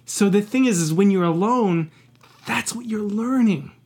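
A man's voice: high-pitched, moderate pace, darkish tone, breathy edge. A man talking candidly in a podcast conversation, passionate and emphatic, swearing often and reflecting earnestly on his own past.

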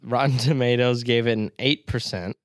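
A laid-back man co-hosting a casual podcast chat. His voice is smooth and clear, and the sound is dry and close. He swears casually and laughs easily. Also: mid-range voice, fairly even intonation, moderate pace, dry recording. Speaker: podcast co-host.

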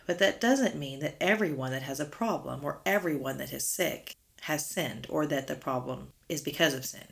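Low, gravelly-voiced woman teaching. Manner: earnest, asks rhetorical questions. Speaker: guest speaker. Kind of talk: devotional Bible teaching.

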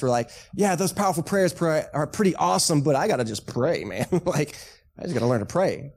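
A man's voice: mid-range voice, darkish tone. A pastor with a Texan accent preaching a sermon in church, casual and joking, asking the congregation questions as he goes. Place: church sanctuary.

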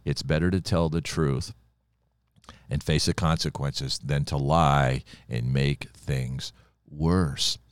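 Very deep-voiced older male preacher. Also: fairly even intonation, slow pace, clean tone, no echo, studio quality. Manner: folksy, storytelling preacher with personal anecdotes. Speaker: pastor. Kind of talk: conversational Bible-teaching podcast.

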